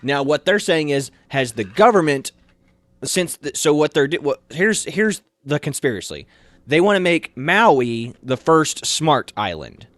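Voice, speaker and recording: A man's voice: fairly high pitch, very animated, measured pace, no echo. A man co-hosting a local morning show, talking through national news in a rambling, conversational way with many restarts. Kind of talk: casual news chat.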